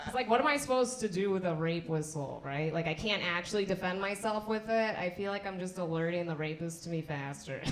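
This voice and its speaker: A young woman from the United States doing a stand-up set, telling stories in an animated, self-mocking way. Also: lowish voice, reverberant. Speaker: stand-up comedian.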